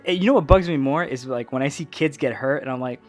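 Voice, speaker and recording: Podcast host, male, mid-pitched, animated storyteller who laughs and slips into voices, faint music behind. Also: fast. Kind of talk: casual storytelling chat.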